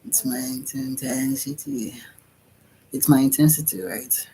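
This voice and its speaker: Slow, dreamy man rambling. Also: medium pitch, flat delivery, creaky, dark tone, slight background noise, poor audio. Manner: meandering, dreamy, repeats himself, with yawns and sighs. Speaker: vlogger. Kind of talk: rambling spiritual self-talk vlog.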